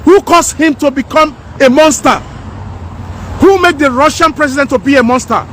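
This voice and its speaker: A woman's voice: high-pitched, moderate pace, a little hiss or hum. Fiery woman vlogging outdoors. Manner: fiery, preachy, repeats lines for emphasis. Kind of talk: impassioned opinion vlog. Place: outdoors by houses.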